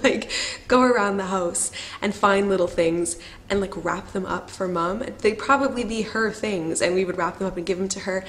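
A young woman talks to her camera at home, warm and chatty, with plenty of fillers and small laughs. She sounds a little teary and emotional. A faint hiss sits under the recording. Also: fairly low pitch. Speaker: vlogger. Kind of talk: casual to-camera storytelling.

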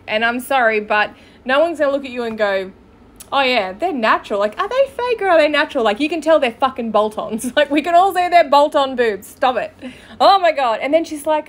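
A woman's voice: high-pitched, animated, fairly quick. Blunt, sarcastic woman podcast host. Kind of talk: commentary reacting to clips.

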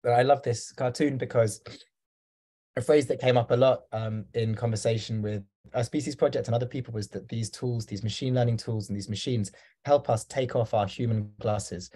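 Guy giving a talk on a video call, warm low tone, lots of ums and uhs. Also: steady tone, moderate pace. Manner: rambling, hesitant, with many fillers. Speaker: guest speaker.

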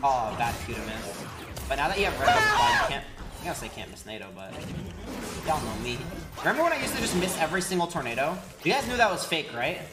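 A young man streaming a game, chatting casually, laughing a lot, swearing and shouting at the game. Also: fairly high pitch, huge pitch swings, fast, over loud music. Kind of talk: casual live-stream chat while gaming.

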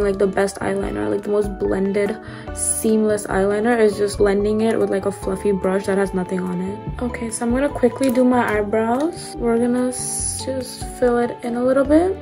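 A young adult beauty vlogger chats through her makeup routine in a creaky, mid-range voice, slightly losing her voice. The get-ready-with-me talk is upbeat, chatty and loaded with fillers.

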